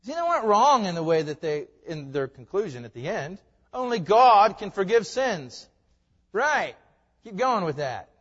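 A man preaching a sermon as a pastor, swinging between loud emphatic lines and soft hushed ones. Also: high voice, very animated, normal speed, long reverb tail, muffled recording.

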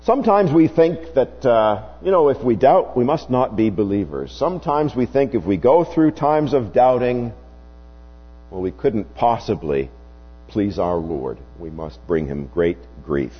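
A man preaching a sermon, slow and emphatic, his voice rising and falling widely as he stresses points. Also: sing-song, slightly rough. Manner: slow, emphatic preaching with wide swings in pitch. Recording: dull, hummy recording with long reverb.

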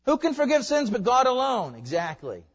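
A man preaching a sermon as a pastor, swinging between loud emphatic lines and soft hushed ones. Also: extremely high pitch, huge pitch swings, moderate pace, big-room sound, lo-fi sound.

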